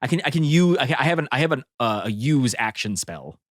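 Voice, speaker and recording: A man's voice: medium pitch, very animated, fairly quick, no room sound, studio quality. A man playing a tabletop game, thinking aloud and working out movement numbers with restarts. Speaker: player. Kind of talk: casual tabletop game chat.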